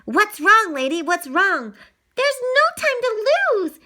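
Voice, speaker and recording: A woman's voice: extremely high pitch, very animated, takes it slowly, bright, forceful tone, voice pushed up, full character voice. A woman voicing a kind, scrappy stray male dog in a storybook reading, speaking with urgent eagerness.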